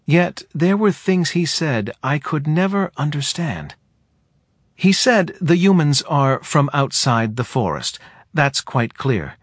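A man voicing a soft-spoken male forest being who talks in a quiet, hesitant, almost drowsy way. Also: a little high, big pitch swings, slow pace, no room sound, studio quality, voice pushed up, full character voice. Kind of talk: audiobook character voice.

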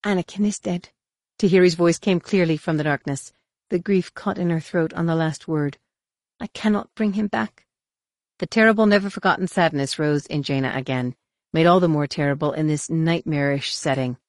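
Low-voiced woman narrating an audiobook. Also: no echo, clean studio sound. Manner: measured, expressive reading. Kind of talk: scripted narration.

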